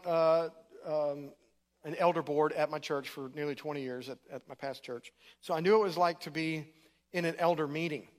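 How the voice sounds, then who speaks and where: A middle-aged man preaching in a church, telling his story in a casual, conversational way. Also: fairly high pitch. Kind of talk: sermon testimony.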